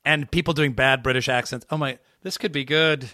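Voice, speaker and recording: A man in a casual comedic podcast chat, pitching absurd ideas in a playful, deadpan way. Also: brisk, no echo, clean studio sound.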